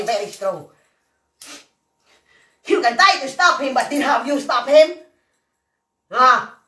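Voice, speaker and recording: A hoarse woman vlogger, ranting in a profane, rambling, emphatic way. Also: high voice, a bit bright, far from the mic. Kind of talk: emotional rant to camera. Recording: echoey room, voice off-mic.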